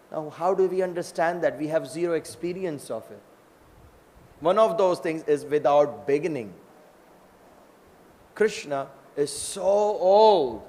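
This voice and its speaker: Man giving a scripture talk, slightly high voice, chatty storytelling, long hall echo. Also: a little mellow. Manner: storytelling, conversational with tag questions. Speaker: lecturer. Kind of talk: scripture lecture.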